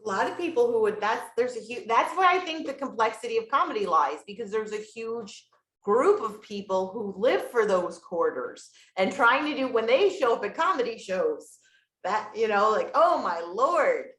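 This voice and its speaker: A woman's voice: a little high, expressive, moderate pace, fairly bright tone, roomy sound, rough recording. A woman hosting a casual podcast interview, pressing with probing follow-up questions. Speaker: podcast host.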